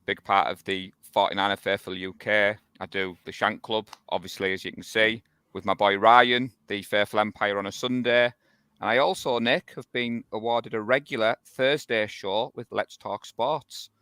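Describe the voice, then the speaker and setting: A man's voice: lowish voice, steady tone, moderate pace, sharp tone, smooth, dry recording. A man with a British accent co-hosting a sports podcast, upbeat and chatty. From United Kingdom. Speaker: podcast co-host. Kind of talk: casual sports chat.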